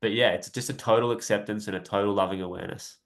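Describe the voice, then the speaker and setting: A young man with a lowish voice gives a laid-back coaching talk on a live stream. He rambles in a friendly way and tags many lines with "right?", now and then with a light laugh. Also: fast talker, gravelly. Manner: relaxed, rambling, often adds "right?". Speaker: self-help coach.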